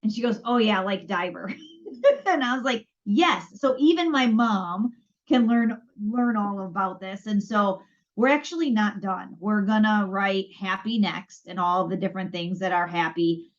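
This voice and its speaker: A woman's voice: mid-range voice, moderate pace. A woman co-hosting a podcast, chatting casually and acting out both sides of past conversations as she tells a story. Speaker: podcast co-host. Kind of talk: casual chat. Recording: dull lo-fi audio.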